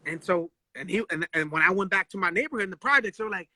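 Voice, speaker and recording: A man telling animated stories in a casual live-stream chat, full of slang and swearing, acting out quotes. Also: sits high, fast, few pauses, dry recording. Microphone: phone live stream.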